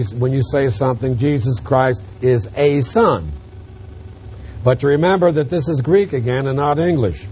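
A man preaching an expository Bible lesson, emphatic, rising on stressed words and dropping quiet on asides. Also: a little high, highs cut off, a little hiss or hum. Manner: emphatic, swings from loud stresses to quiet drops.

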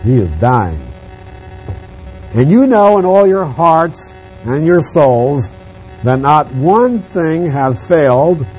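Slow, measured male preacher, lo-fi. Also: medium pitch, darkish tone. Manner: slow, deliberate preaching, reading scripture aloud. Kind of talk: sermon, Bible teaching. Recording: dull lo-fi sound with mains hum and faint music.

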